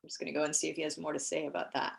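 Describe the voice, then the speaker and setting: A woman's voice: low voice, level tone, racing, vocal fry. A woman doing an animal communication reading at an online event, chatty and often chuckling as she talks. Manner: light laughter, chatty, frequent fillers.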